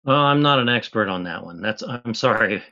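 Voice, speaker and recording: A man's voice: lowish voice, lively intonation, normal speed, sharp tone, dull audio. A man, a chemist guest on an interview, patiently explaining step by step in plain words.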